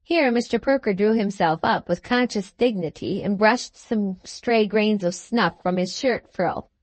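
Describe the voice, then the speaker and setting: A woman narrating a classic novel in a steady, measured storytelling voice. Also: medium pitch, dry recording. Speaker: audiobook narrator. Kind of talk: scripted audiobook narration.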